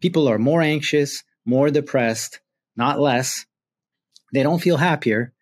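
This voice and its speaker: A man's voice: on the high side, a little slow. Earnest man musing to camera. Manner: earnest, drawn out and emphatic on key words. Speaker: self-help vlogger. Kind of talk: reflective talking-head monologue.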